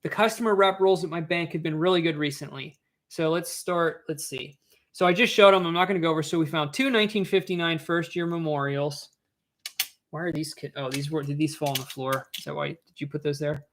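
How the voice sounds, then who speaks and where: A man's voice: a little high, steady tone, a little fast, noisy background. A man hosting a casual live stream from home, often repeating words as he talks, joking between stammers. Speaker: coin roll hunting live streamer.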